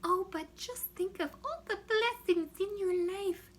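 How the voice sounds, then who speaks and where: A woman's voice: very high voice, a little slow, pitched above the performer's own voice. A woman voicing a chirpy, well-meaning woman with a Minnesota accent who hands out sugary, condescending platitudes in a singsong voice.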